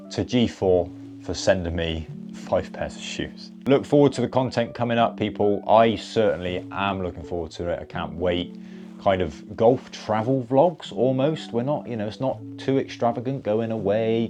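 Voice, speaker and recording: A young man from Bristol talks casually to camera in a chatty, upbeat vlog. His voice sits very low, and his Bristolian accent slips out now and then. Soft guitar music plays faintly behind him. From Bristol, England. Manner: chatty and upbeat, many fillers and restarts. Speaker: golf content creator.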